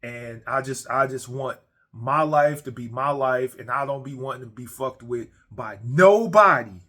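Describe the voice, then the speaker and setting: A man's voice: medium pitch, measured pace, fairly bright tone. Man on a blunt profane rant. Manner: heavy swearing, blunt, repetitive restarts. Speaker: ranting monologue creator. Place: his man cave at home.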